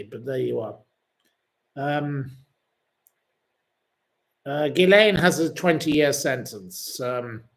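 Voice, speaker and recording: A man hosting a livestream, harshly berating his target and reading viewer comments aloud. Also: medium pitch. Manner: indignant, harsh name-calling, reads viewer comments aloud. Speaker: livestream host.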